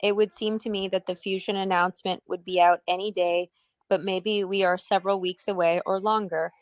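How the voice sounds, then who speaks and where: Woman co-host, clear and dry-sounding. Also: mid-range voice, fairly even intonation, fairly quick, no echo. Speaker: co-host reading community questions. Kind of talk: casual livestream Q&A.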